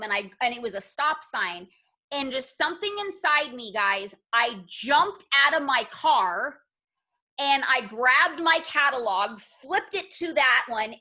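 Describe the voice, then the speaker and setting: A woman, a direct sales team leader, telling her team an emotional motivational story in an animated way. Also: high-pitched. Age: adult with children. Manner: emotional, animated, addresses listeners as "you guys".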